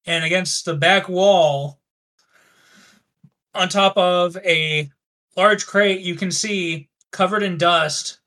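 High, bright-voiced male game master. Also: fairly even intonation. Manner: descriptive, unhurried, with fillers. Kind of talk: narrating a tabletop game.

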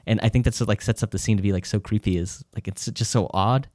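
Man, low voice, casual movie talk, rambling retelling, dry close sound. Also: fast talker, no room sound. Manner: rambling, animated retelling with many restarts. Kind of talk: casual film discussion.

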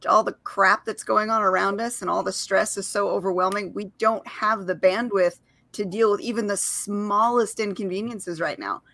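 A woman's voice: medium pitch, steady tone, moderate pace, fairly bright tone, dry recording. A woman co-hosting a casual chat, speaking earnestly and reflectively.

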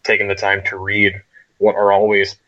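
Guest reviewer, man, low voice, wordy casual podcast chat, muffled lo-fi sound. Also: completely flat delivery, moderate pace, sharp tone. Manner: wordy, rambling. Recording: dull lo-fi audio.

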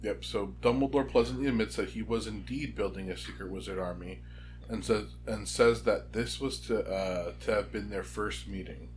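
A man co-hosting a casual podcast, summarizing a chapter in a relaxed way. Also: fairly low pitch, moderate pace, a little hiss or hum. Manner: relaxed summarizing, some fillers. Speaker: podcast co-host.

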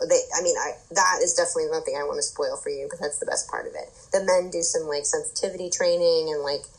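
A woman's voice: deep voice, breathy edge, low-quality recording. A woman hosting a podcast, who chats casually and rambles through a story while filling it with "like" and "um". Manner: rambling, filler-heavy storytelling. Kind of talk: casual chat.

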